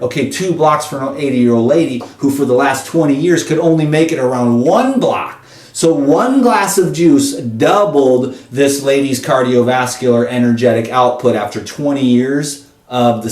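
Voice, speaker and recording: An impassioned man vlogs in a preachy, animated rant and speaks straight to his viewers. His voice sits at an ordinary pitch. He sounds a step back from the mic in a roomy, echoing space. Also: far from the mic. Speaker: vlogger.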